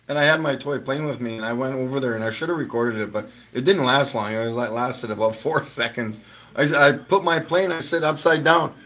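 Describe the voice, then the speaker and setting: A man's voice: mid-range voice, brisk, pushed and bright. A man hosting a live stream from home, telling casual, rambling stories, swearing freely and laughing as he talks.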